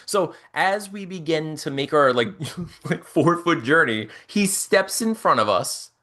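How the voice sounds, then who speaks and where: A young man co-hosting a casual chat, telling a long story in an animated, rambling way and acting out the people in it. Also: a little high, a little slow. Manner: animated, rambling, acts out quotes. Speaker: podcast co-host.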